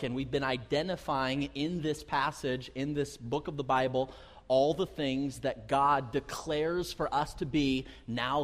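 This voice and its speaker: A man preaching a sermon as pastor, telling personal stories to his congregation in a lively, direct way, often repeating words as he goes. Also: medium pitch. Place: church sanctuary. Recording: long hall reverb.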